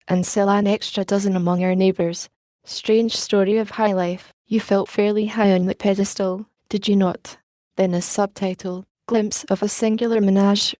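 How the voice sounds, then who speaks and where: A woman reading a novel aloud as an audiobook narrator, in an even, unhurried manner with little change of voice for the characters. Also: mid-range voice, dry recording. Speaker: audiobook reader. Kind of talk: scripted narration.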